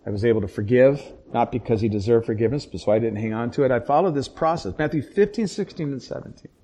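A middle-aged man, a pastor by trade, recounts a painful family story in conversation. He acts out each voice in the dialogue, dropping to a hush and then rising sharply with real intensity. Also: mid-range voice, fast talker, a little hiss or hum. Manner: dramatic storyteller acting out quoted dialogue, swings from hushed to loud. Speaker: pastor and police chaplain. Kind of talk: emotional personal storytelling in conversation.

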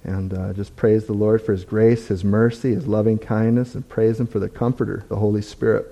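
Man, church testimony; warm, mellow voice, candid and self-deprecating, halting and conversational. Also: on the low side, little pitch movement. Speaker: church member giving a testimony. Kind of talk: conversational sermon talk.

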